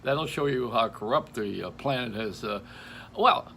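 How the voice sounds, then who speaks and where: A man's voice: mid-range voice, expressive, unhurried, creaky, sharp tone, slight background noise. An older man hosting, talking in a rambling, joking stream-of-consciousness monologue with frequent laughs, recorded at home. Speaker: radio host. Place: home in Florida.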